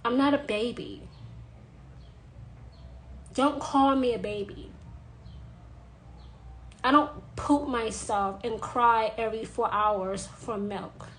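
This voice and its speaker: A woman with a high voice speaks insistently, driving each point home by saying it again and again. Her emphatic monologue comes over a faint hiss of background noise. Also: fairly even intonation, takes it slowly, long pauses, poor audio. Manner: insistent, repeating phrases for emphasis. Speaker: witch sharing advice.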